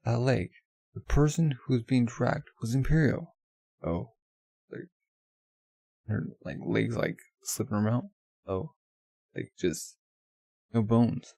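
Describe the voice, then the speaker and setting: A man's voice: mid-range voice, expressive, takes it slowly, vocal fry, long pauses, warm tone, husky, no echo. A man casually reading a manga aloud in a loose, offhand way full of fillers. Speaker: manga reader.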